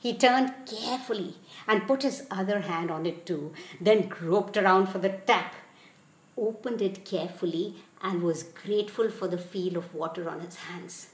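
A woman hosting a podcast, reading a whimsical story aloud in a playful, expressive storybook narration. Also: medium pitch, moderate pace. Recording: echoey room.

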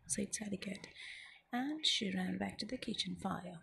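A woman telling a children's story in soft, whispered ASMR storytelling, her voice gravelly with fry at the low end. She reads at a middling pitch, gently and unhurried, slipping in and out of whisper. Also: a little hiss or hum, rough recording.

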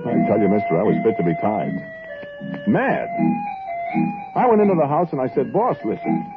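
Gabriel, a folksy, animated angel. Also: male voice, high voice, normal speed, exaggerated voice. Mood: indignant. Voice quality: folksy storytelling drawl. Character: folksy earnest angel messenger, indignant. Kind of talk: 1940s radio drama narration. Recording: tinny old radio broadcast, loud music.

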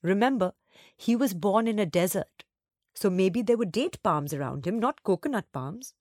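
Woman doing a storybook mom, soothing, patient, gently lively. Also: medium pitch, moderate pace, no room sound, studio quality, close to an everyday voice.

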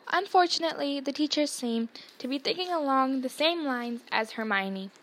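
High-voiced woman reading a novel aloud. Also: fairly bright tone. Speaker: storyteller.

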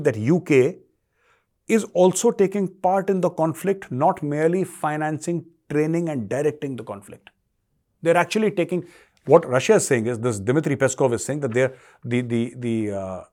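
A man's voice: a little high, darkish tone. A man with an Indian accent hosting a solo current affairs commentary, lecturing the audience and repeating key points for emphasis. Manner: lecturing, addresses the audience directly. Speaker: show host and commentator.

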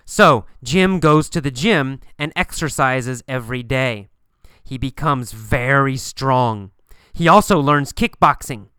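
A man teaching English pronunciation, telling a story slowly and repeating each phrase for learners to copy. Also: medium pitch, no room sound. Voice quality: crisp, clear, bright voice. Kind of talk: slow, deliberate language-lesson storytelling.

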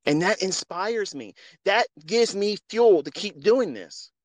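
A man talks straight into his phone with a fairly high voice, dry and close with no room around it. He preaches in an unscripted, earnest way and swears freely. His level swings from low and quiet to loud and pressing. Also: animated, slow pace, no room sound. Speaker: trading mentor hosting a live audio space. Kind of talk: impassioned unscripted monologue.

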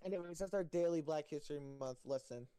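A man's voice: fairly high pitch, fast talker, warm tone. A young man in a rowdy group voice chat, lecturing in a mock-serious tone. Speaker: chat participant.

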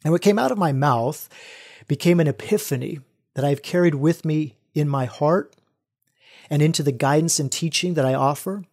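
On his solo podcast, a man speaks earnestly and reflectively to his listeners, calling them brothers and acting as a spiritual guide for men. His voice is on the high side and a little mellow, at a normal speed.

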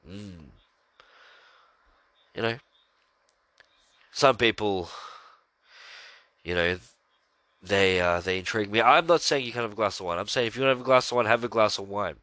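A man hosting a podcast delivers a casual religious monologue in a sharp, lowish voice at a moderate pace with long pauses. Earnest and rambling, he talks about his faith with frequent fillers and sighs. There is no room sound.

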